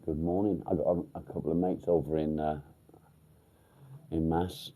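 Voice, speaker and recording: An English man hosting a casual livestream, chatting bluntly with viewers, swearing freely and filling pauses with ums. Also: extremely low pitch, flat delivery, narrow, tinny audio. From England. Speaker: livestream host. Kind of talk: casual live chat with viewers. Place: outdoors by a field.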